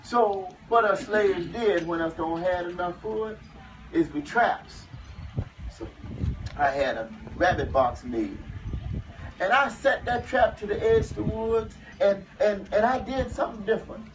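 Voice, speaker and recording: A man's voice: high-pitched, a little slow. A man playing an enslaved man in his thirties, telling a humorous tale to a live audience in dialect, with chuckling asides. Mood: folksy. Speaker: living history performer. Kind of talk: first-person historical storytelling to a live audience. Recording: muffled, distant, noisy live recording.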